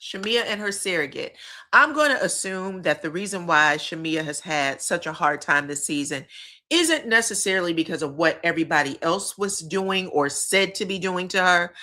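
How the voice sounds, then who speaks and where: Bright-voiced woman dishing gossip. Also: lowish voice. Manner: animated, profane, laughs and mimics the people she talks about. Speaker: reality TV recap host. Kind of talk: casual gossip commentary.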